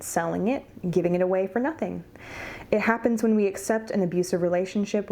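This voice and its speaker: A woman's voice: mid-range voice, darkish tone. A woman giving a pick-a-card tarot reading, earnest and encouraging, speaking straight to the viewer. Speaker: tarot reader.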